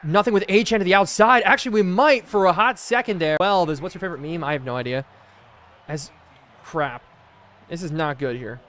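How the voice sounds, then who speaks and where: Excitable young streamer calling a football game. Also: male voice, sits high, brisk. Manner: excitable, chatty, answers chat mid-play. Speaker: gaming streamer. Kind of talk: live gameplay commentary with chat.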